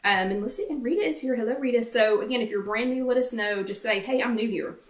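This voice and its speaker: A woman's voice: fairly high pitch, fast, distant mic. A middle-aged woman hosting a casual live-stream chat from home, chatting and greeting viewers by name as she goes. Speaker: host of a live weekly wellness chat. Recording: roomy echo, speaking from off the mic.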